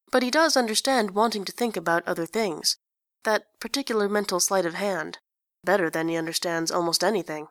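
A woman reading fiction aloud in an even, plain storytelling manner. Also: medium pitch, fairly quick, no room sound, studio quality. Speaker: narrator.

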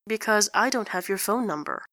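A woman's voice: medium pitch, animated, moderate pace, sharp tone, dry recording, studio quality. A woman voicing an earnest young man who speaks with strained patience.

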